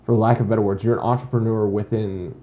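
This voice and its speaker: A man with a fairly low voice hosts a casual interview. He is lively and animated, acting out the voices of the people he quotes. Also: fast, phone-quality sound. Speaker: podcast host.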